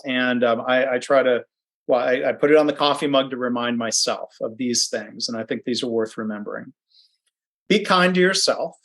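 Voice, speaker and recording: A man's voice: medium pitch, fairly bright tone. A man giving a conversational webinar presentation from his home office, chatty, with frequent ums and restarts.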